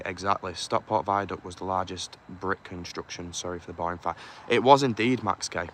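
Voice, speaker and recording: Low-voiced man livestreaming outdoors. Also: steady tone, brisk. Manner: chatty, quietly conspiratorial, reads comments aloud. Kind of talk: live outdoor stream reading chat comments. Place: outdoor car park at night. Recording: clear outdoor urban noise.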